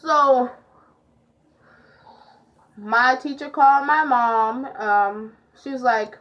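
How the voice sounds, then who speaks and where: This teenage vlogger's pitch is fairly high and a bit bright, her tone steady, and she talks extremely slowly with frequent pauses. She retells a storytime chattily, leaning on lots of fillers, over dull lo-fi audio.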